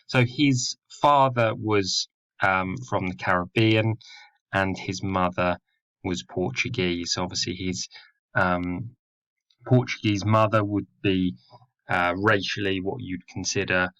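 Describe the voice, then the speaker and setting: Man, English teacher, explaining with fillers, deep voice, dull sound. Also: fairly even intonation, takes it slowly, a bit bright. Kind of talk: recorded lesson.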